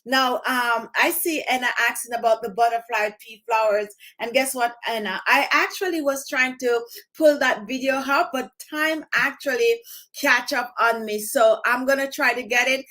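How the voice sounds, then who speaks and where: High-pitched lady doing a chatty skincare livestream at home, talks right to viewers. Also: bright, forceful tone. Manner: chatty, addressing viewers directly. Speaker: skincare channel host. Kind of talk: live-stream skincare tips.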